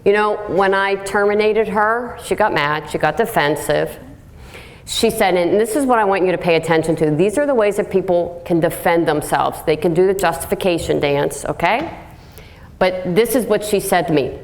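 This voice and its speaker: A woman's voice: fairly low pitch, moderate pace. A woman giving a live talk to an audience, direct and plain-spoken, telling stories and acting out what people said. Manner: lively storytelling, acts out quotes. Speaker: workplace speaker.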